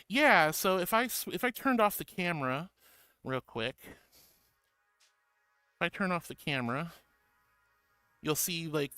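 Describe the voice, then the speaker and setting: A woman's voice: sits low, fairly bright tone. Bubbly American woman streamer, music behind. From born in Australia, raised in the US. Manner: sweet, doting, calls viewers sweetie and honey; giggly and bubbly. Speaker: VTuber streamer. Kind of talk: live stream, reading chat aloud. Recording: background music under the voice.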